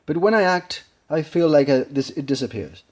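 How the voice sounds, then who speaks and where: A man with a Spanish accent, a native Spanish speaker, casually analyzing a film scene, halting and searching for words. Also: on the high side, animated, a little mellow. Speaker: acting learner.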